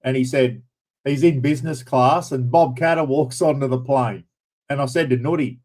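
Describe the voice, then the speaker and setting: A man's voice: medium pitch, normal speed, a little mellow, poor audio. An Australian man hosting a livestream in casual chat, blunt and chatty, with mild swearing as he greets viewers by name. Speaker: livestream host.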